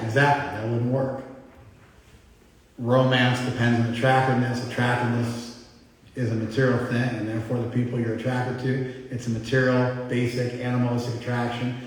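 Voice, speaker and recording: A middle-aged man gives a blunt, conversational spiritual lecture and keeps putting questions to his class. His voice sits at an ordinary pitch. It carries long reverb from a big hall and is picked up from some distance. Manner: blunt, conversational, quizzes the audience. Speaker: spiritual teacher. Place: large hall with a live audience.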